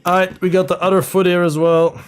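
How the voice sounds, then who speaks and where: A man's voice: sits high, brisk, smooth. Casual man chatting through a build. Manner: relaxed, thinking aloud while building. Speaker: livestream host. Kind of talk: casual live-build chat. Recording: faint music behind.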